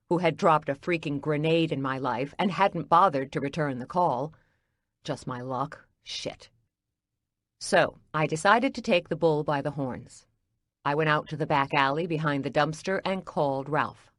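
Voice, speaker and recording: A woman reading a first-person audiobook in a wry, expressive way. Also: sits low, a little slow, no room sound, studio quality. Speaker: audiobook narrator.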